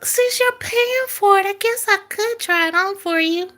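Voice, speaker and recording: A woman's voice: very high-pitched, moderate pace, pushed and bright, pitched above the performer's own voice. A woman putting on a coy, helpless young damsel.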